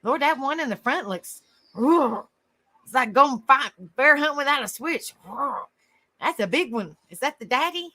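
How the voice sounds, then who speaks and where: A woman's voice: high-pitched, expressive, a little slow, sharp tone. A woman hosting a casual live stream, affectionate with viewers, exclaiming often and laughing easily. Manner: affectionate, calls viewers honey and sweetheart.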